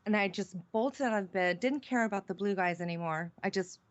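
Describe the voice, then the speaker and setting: A woman's voice: medium pitch, brisk. Woman telling a story over dull audio. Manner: earnest, breathless storytelling with many restarts. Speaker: guest. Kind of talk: telling a personal story on a radio show.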